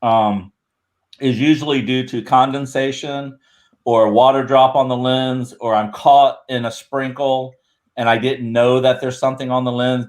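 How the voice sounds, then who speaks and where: A man talking as a guest in a casual video-call chat, rambling and correcting himself as he tells a story. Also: mid-range voice. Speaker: guest, Bigfoot researcher.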